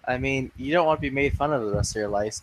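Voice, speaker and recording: Young dude on a headset in voice chat, laughy, swears a lot, dry close sound. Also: male voice, mid-range voice, fast talker, no echo, low-quality recording. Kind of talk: casual chat. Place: online voice chat lobby.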